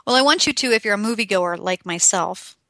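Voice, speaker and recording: A young adult woman talks straight to the listener in a lively, emphatic motivational style. Her voice is bright and forward, and the recording is dry and close. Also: medium pitch, fairly quick, no room sound. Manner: emphatic, animated, addresses the listener directly. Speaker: motivational speaker. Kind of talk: direct-to-camera motivational talk.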